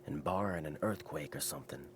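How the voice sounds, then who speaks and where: An actor playing a terse, gruff male ranch head wrangler in a video game, laconic with a clipped country way of talking. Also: a bass voice, brisk, crowd noise. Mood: stern.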